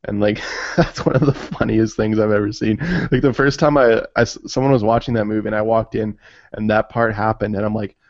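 Low-voiced easygoing man, dry lo-fi sound. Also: steady tone, a little fast, no room sound. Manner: easygoing, swears freely, laughs often. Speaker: podcast co-host. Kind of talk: casual chat about comedy films. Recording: dry, dull lo-fi audio.

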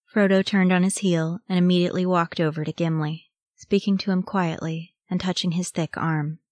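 A woman reading a fantasy story aloud in a measured, solemn narration. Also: on the low side, steady tone, a little mellow, no echo. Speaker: audiobook reader.

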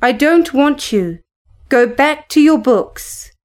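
A woman's voice: high voice, lively intonation, slow, a little mellow. A woman doing a feverish, wild young woman. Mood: bitter. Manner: pleading and dramatic. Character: feverish, wild young woman, bitter toward her husband.

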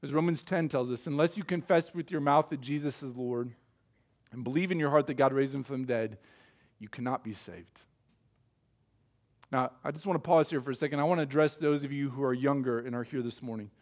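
A male pastor preaching a sermon in an emphatic, measured way, asking rhetorical questions. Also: mid-range voice, darkish tone.

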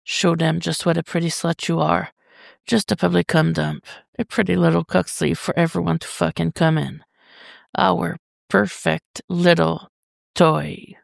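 A reader doing a gravelly, murmuring male lover. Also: level tone, unhurried, dry recording, studio quality. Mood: dark. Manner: low murmuring, dark then soothing. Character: dominant adult male lover, dark and tender.

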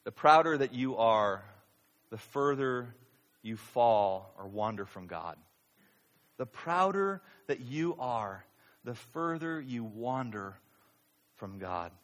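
A man's voice: lively intonation, slow. Preaching man in a reverberant hall. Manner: swings between loud high-pitched outbursts and quiet low delivery. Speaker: pastor. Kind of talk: sermon.

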